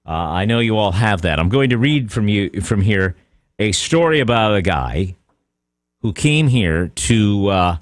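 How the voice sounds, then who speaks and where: A man's voice: lowish voice, animated, unhurried, no room sound. A man hosting a radio talk show, playful and jokey, repeating words for emphasis.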